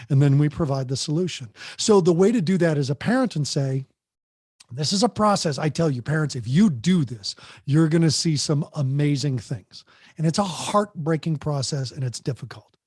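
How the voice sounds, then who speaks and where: A man's voice: on the high side, darkish tone, no echo, clean studio sound. A man, a parent coach guest on a podcast, giving emphatic, plain-spoken advice and acting out what parents say.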